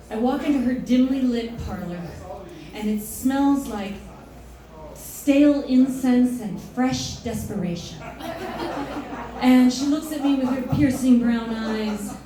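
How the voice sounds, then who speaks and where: Woman, live storytelling, animated, self-mocking, slightly high voice, very echoey hall, audience heard. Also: recorded from a distance. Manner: animated, self-mocking, laughs through lines. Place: stage in a hall before an audience.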